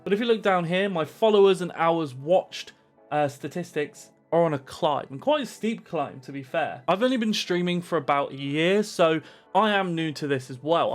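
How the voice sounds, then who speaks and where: Man, advice vlog, animated delivery, slightly high voice, soft music behind. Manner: animated, pumped-up presenter energy. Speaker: Twitch streamer giving advice. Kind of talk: energetic direct-to-camera advice vlog.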